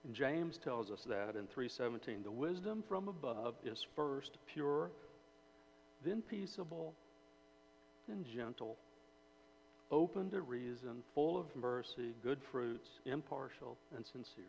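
A man's voice: mid-range voice, expressive, measured pace, gravelly, darkish tone. A man preaching a sermon in a conversational way, asking his listeners questions and often repeating and restarting phrases. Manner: conversational, asks the audience, repeats words and restarts. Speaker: preacher or Bible teacher. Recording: dull hall recording with faint hum.

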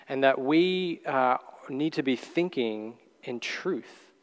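A man's voice: medium pitch, animated, slow pace, long reverb tail. A man preaching a sermon as pastor, conversational and folksy, with many fillers and restarts.

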